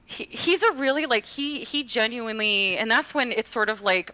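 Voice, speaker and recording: A woman's voice: a little high, moderate pace, bright, forceful tone, no echo, muffled recording. A woman co-hosting a gaming podcast, telling a personal story in a chatty way with many fillers and restarts. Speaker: podcast co-host. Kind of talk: casual chat, storytelling.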